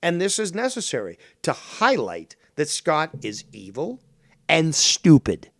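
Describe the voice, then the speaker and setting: Mad streamer guy ranting and cussing, kinda high voice, dry close mic. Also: huge pitch swings, a little slow, creaky, a bit bright, no echo. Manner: angry, profane, mocking. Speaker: stream host. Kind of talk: ranting livestream commentary.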